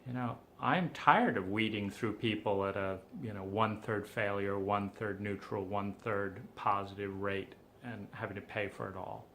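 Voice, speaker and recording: A man's voice: on the low side, steady tone, moderate pace, gravelly, hardly any pauses, pushed and bright, a little hiss or hum. A man giving agitated, pleading personal testimony for a documentary, frustrated and urgent. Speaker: documentary subject.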